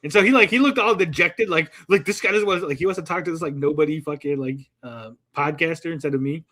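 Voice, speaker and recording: A podcast co-host with a slightly high, pushed, bright voice rambles through a livestream chat, saying "like" constantly. Telling stories, he acts out the people involved in quick quoted voices.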